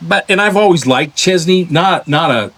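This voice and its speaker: Animated male podcast host telling stories. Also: fairly high pitch, moderate pace. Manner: animated storyteller, acts out voices in anecdotes; many restarts and repeated words. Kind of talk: casual interview chat.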